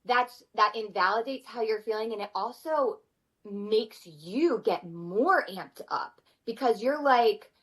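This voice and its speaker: A woman in her thirties, a mother of four, speaking as a podcast guest in an earnest, animated way. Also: on the high side, takes it slowly, poor audio. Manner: earnest, animated, acts out her kids' voices. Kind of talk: conversational interview.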